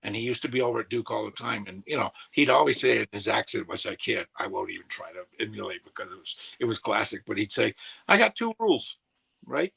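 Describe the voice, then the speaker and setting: Gravelly husky-voiced man reminiscing. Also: on the low side, fast talker, hardly any pauses. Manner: rambling, animated recollection. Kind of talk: casual podcast chat.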